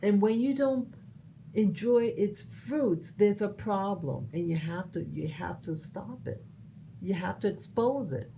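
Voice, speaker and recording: Slow, mellow-voiced woman musing earnestly. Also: medium pitch, expressive, gravelly, a little hiss or hum, low-quality recording. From United States. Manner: earnest, halting, with many restarts. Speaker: vlogger sharing opinions. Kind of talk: personal commentary monologue.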